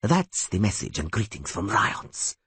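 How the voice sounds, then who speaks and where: A man plays a tall half-elf assassin, cold and hissing. Menace in slow, clipped words. Husky grain, dry sound. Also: medium pitch, wildly swooping pitch, a little mellow, dry recording. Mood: menacing.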